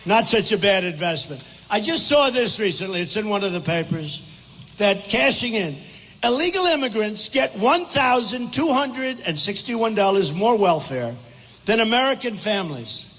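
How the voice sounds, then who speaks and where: Older man shouting a rally speech. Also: high-pitched, sing-song, moderate pace. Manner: rambling, repetitive, combative. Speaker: political candidate. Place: airport hangar rally with crowd. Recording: echoey hall, faint background noise.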